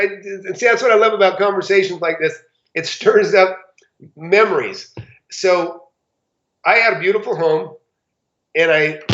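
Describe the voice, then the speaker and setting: A high-voiced man telling a story with animated, theatrical energy and acting out each person in it. He speaks as a seasoned property investor. The sound is echoey and a little dull. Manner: animated, acts out quoted dialogue with big pitch jumps. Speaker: real estate investor guest. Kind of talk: casual anecdotal storytelling.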